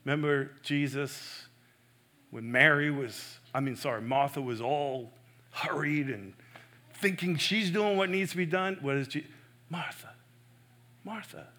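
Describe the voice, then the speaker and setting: A man preaching a sermon in an earnest, emphatic way. He swings between loud stresses and soft, hushed asides. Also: fairly high pitch, measured pace. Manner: self-correcting, personal and earnest.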